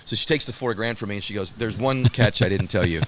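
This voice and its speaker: A man telling a personal story in an animated, excited way, laughing and calling the listener brother and dude. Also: fairly low pitch, quick pace, background noise.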